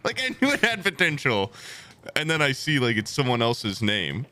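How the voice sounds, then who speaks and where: A young man streaming a game, chatting casually and telling stories with animated, exaggerated high voices. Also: normal speed. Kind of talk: casual gaming chat.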